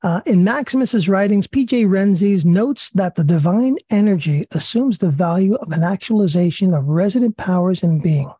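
Male study leader, raspy and mellow, earnest reading with asides, dry sound. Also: high voice, animated, no echo. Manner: earnest, repeats himself, pauses with fillers. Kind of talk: religious study talk, reading and commenting.

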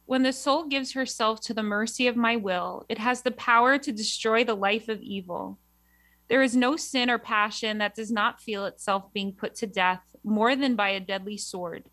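A woman from New York, a religious sister, chatting with a laugh and then reading aloud in a measured devotional way. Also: medium pitch, a bit bright, dry recording.

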